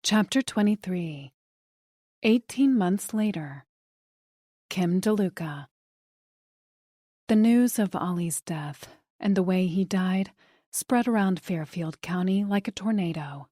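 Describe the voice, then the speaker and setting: Soft-voiced woman narrating a thriller. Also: on the low side, animated, takes it slowly, pauses often, dry recording, studio quality. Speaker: audiobook narrator. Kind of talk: scripted narration.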